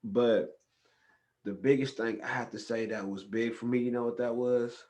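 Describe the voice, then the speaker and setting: A man from California, hosting a podcast in a casual, profane, animated storytelling style. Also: medium pitch, normal speed. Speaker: podcast host. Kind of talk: casual chat.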